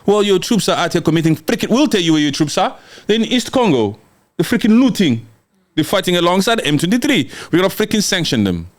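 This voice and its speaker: Reading from a document, a young man rants through heated political commentary, flipping between scolding, sarcasm and mocking quotations. His sing-song pitch swings widely as he hammers each point a little fast, emphatic and confrontational the whole way.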